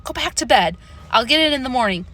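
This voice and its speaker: A woman's voice: high voice, animated, fast talker, fairly bright tone. A woman reading the part of a sleepy, patient father woken in the night for an audiobook. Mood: weary. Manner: weary, patient.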